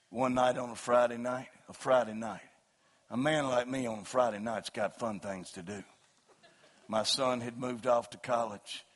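A middle-aged man preaching a sermon, rising into loud shouted passages and then telling joking stories about his family and dog. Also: medium pitch. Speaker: pastor. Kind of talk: sermon with humorous storytelling.

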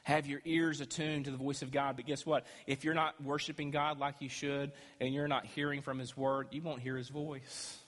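A man's voice: mid-range voice, flat delivery, normal speed, hardly any pauses. Preaching man in a reverberant hall. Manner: emphatic preaching, rising and dropping loudness. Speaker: pastor. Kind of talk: sermon. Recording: echoey hall with long reverb.

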